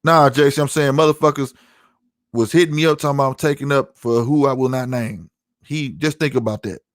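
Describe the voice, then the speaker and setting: A middle-aged podcast host rants to his live chat during a solo livestream, heated, profane, and emphatic. His mid-range voice is brisk, and the recording is dry and studio quality.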